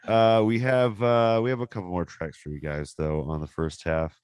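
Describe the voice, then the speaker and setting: A low-voiced man hosting a casual podcast, rambling through his explanations with plenty of ums and uhs. His voice is smooth and clear, recorded dry and close to the mic. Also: flat delivery, normal speed, darkish tone, no echo. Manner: loose, rambling explanations with frequent fillers. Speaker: podcast host.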